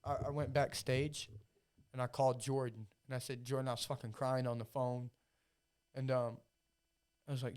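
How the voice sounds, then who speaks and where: A man at mid pitch, a guest on a podcast, talking about fighting in loose, casual chat. He is open about his feelings and swears freely, and he circles back to the same phrases as he talks. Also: little pitch movement, moderate pace, pauses often, darkish tone, clean tone. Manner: emotional, profane, repeats himself.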